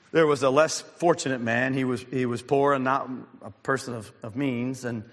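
A man preaching a sermon as a pastor, telling stories with fillers, restarts and an occasional clearing of the throat. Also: medium pitch, steady tone, moderate pace, pauses often, in a large hall.

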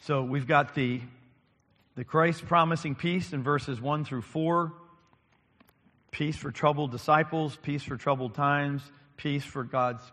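A man's voice: on the high side, steady tone, slow, fairly bright tone. A man preaching a sermon as pastor, with frequent ums and lines repeated for emphasis. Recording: long reverb of a large hall.

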